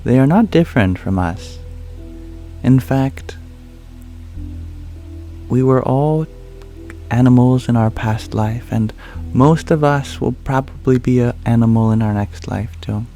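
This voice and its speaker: Slow, soft-spoken man with a gravelly low voice. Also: soft background music. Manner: speaks softly, calm and unhurried, reading and answering viewer questions. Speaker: ASMR livestream host. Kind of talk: soft-spoken ASMR livestream chat.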